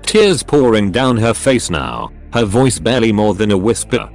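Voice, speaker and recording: A synthetic male voice narrates a story in an even, mechanical way. It sits low and rises and falls a lot in pitch. Soft music runs quietly underneath. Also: normal speed.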